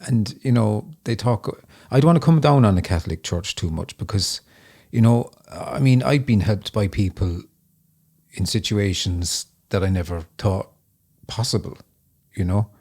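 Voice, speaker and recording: Gravelly low-voiced halting man host. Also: animated, a little mellow. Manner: halting and searching, filled with "you know". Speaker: podcast host. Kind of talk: interview conversation.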